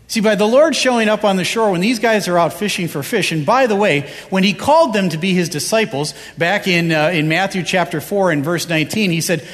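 A pastor's high-pitched, fairly bright voice fills a reverberant church hall as he preaches a little fast with hardly any pauses. He's animated, pressing his points through rhetorical questions again and again.

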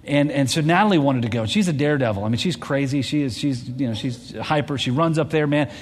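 A man in his forties, a pastor telling a family story in a sermon, animated and full of restarts. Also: mid-range voice, fairly quick. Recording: long hall reverb.

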